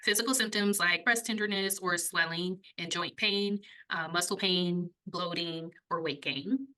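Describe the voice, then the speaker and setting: A young woman co-hosting a casual podcast, talking in a fairly low but bright, forward voice. She explains things in a chatty way, laughs easily, and runs a little short of breath when she gets excited. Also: measured pace, rough recording. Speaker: podcast co-host. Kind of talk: casual chat explaining a health topic.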